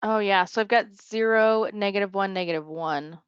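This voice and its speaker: Woman player, smooth voice, hesitant questions, slightly dull recording. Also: mid-range voice, moderate pace, no echo. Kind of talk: casual tabletop play.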